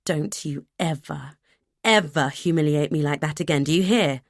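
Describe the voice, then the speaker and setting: Woman playing a menacing, controlling husband, slow and cold, lower and dry; storybook role. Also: dry recording.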